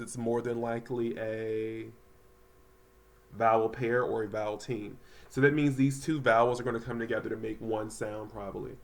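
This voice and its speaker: A man teaching a third grade reading lesson to children at home, talking casually with many ums and slowly sounding out words. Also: medium pitch. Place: home, voice only over the packet pages. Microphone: close mic, not seen.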